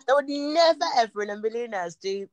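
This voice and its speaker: A woman co-hosting a casual family podcast, animated and quick to jump in. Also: fairly high pitch, no room sound. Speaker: podcast co-host.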